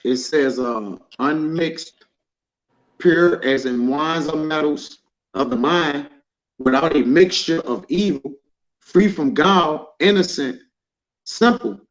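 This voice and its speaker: A man's voice: fairly high pitch, slow, dull audio. A man in a Bible study group who reads out word definitions and chimes in with easy agreement. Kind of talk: reading definitions and casual discussion.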